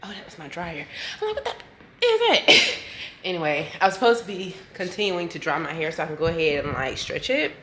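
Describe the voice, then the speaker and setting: A woman's voice: low voice, fairly quick, background noise. Chatty woman, echoey room. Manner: chatty, blunt, swears freely. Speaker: vlogger. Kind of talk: casual vlog chat.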